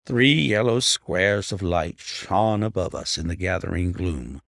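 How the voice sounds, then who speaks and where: A man narrating an audiobook in a measured storytelling manner, his voice dropping at clause ends. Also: deep voice, animated, vocal fry, a bit bright. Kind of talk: scripted narration.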